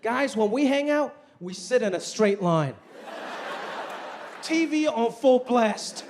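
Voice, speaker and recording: A male stand-up comedian performing live on stage, with a punchy, animated delivery full of voice impressions. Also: very high voice, takes it slowly. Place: stage in front of a live audience. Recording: noisy live stand-up recording.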